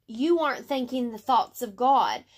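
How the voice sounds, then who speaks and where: A woman reading aloud the words of Jesus, a grown man and calm, firm teacher, in a slow and earnest way. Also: a little high.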